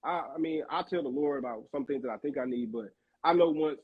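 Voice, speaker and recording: A man's voice: on the high side, fast, husky, dull audio. A man hosting a casual discussion, talking in a rambling, searching way and often repeating himself. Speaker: host. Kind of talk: casual faith-minded discussion.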